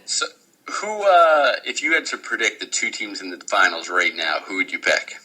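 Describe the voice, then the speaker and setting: Deep-voiced man with a bright edge. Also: low-quality recording. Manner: quick, joking, asks questions. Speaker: fantasy baseball podcast host. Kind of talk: casual chat.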